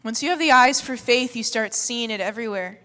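A woman preaches with high, bright energy, telling stories with humor and hitting her points hard. Her voice carries through an echoey church hall with a long reverb. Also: fairly quick. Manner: energetic, humorous, emphatic storytelling. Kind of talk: sermon.

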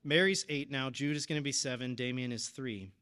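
A man's voice: medium pitch, fairly quick, sharp tone, smooth. A man in his thirties preaching, telling a personal story in an earnest, emotional way. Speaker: deacon or preacher at a parish. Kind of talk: personal testimony in a sermon.

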